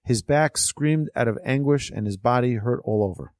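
A male religious teacher tells a parable, then explains it to his class in an earnest, rambling way. His voice sits at a middle pitch. The sound is dry and close. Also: moderate pace, a little mellow, no echo. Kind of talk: storytelling lesson.

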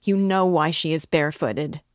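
A woman reading aloud, voicing a frantic, despairing wife who cries out loudly and irritably at her dying husband. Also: low voice, normal speed, no echo, clean studio sound, close to an everyday voice. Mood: shrill, irritable. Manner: loud, irritable crying out. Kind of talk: audiobook reading.

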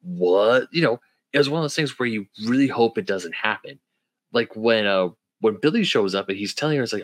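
Low-voiced man, dry close sound. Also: moderate pace, dry recording. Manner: acts out quotes in animated voices. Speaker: podcast co-host. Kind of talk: casual TV review chat.

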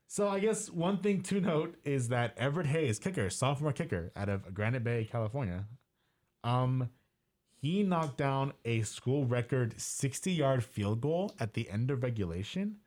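A young man co-hosting a casual sports podcast, telling stories with lots of fillers. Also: medium pitch. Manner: lively storyteller with frequent fillers. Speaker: podcast co-host.

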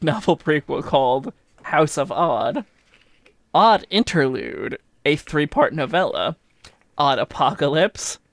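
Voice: mid-range voice, dry recording, clean studio sound. A podcast host in casual chat, playful with wry asides to listeners. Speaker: podcast host who edits the show.

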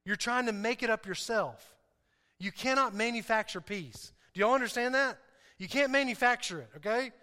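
A male pastor preaches with animated emphasis and keeps repeating his main points. His voice is high for a man and bright. A long hall reverb hangs on every phrase. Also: normal speed. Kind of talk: sermon.

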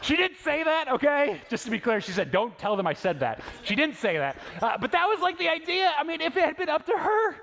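Male pastor, 30s-40s, high voice; casual, story-driven sermon full of questions; recorded in a big reverberant sanctuary. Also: lively intonation, fairly quick, vocal fry, few pauses, pushed and bright, a little hiss or hum. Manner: conversational storytelling with rhetorical questions. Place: church sanctuary. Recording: long reverb of a large church hall.

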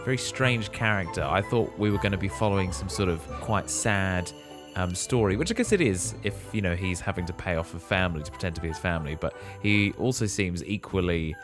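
Deep voiced dude, dry wry comments, bit of music faint behind. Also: male voice. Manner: wry, quick reactions and questions, playful. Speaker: podcast co-host. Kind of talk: casual chat.

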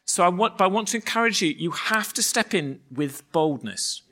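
A man, a pastor, preaching with lively stories and acting out voices. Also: high-pitched, normal speed. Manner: animated, acts out voices in anecdotes. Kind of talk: sermon with storytelling.

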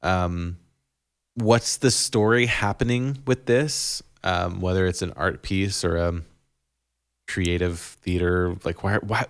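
A man's voice: sits low, steady tone, slow, clean tone. A man in his thirties, a podcast co-host, talking casually about parenting, rambling with frequent laughs and restarts.

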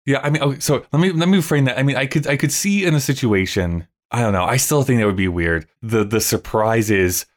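A man in his thirties co-hosting a casual podcast, easygoing and thinking out loud. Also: medium pitch, lively intonation, a little fast, few pauses. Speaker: podcast co-host.

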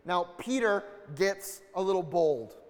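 High-voiced preacher in a reverberant hall. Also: male voice, expressive, a little slow. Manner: earnest, building intensity, acts out quoted dialogue. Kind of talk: sermon.

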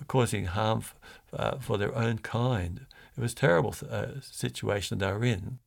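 Man, priest, gravelly, mid pitch, storytelling sermon with fillers.

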